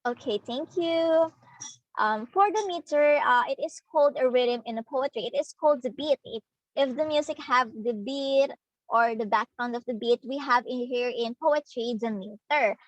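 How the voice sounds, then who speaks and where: A young woman from the Philippines with a Filipino accent, giving a demo class lesson as a student teacher, explaining slowly with pauses and fillers. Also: high-pitched, dry recording, muffled recording. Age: young adult. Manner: slow, hesitant, explaining to students.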